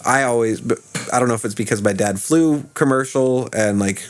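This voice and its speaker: A man hosting a podcast, chatting casually and telling a relaxed story with easy laughs. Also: medium pitch, brisk. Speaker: podcast host.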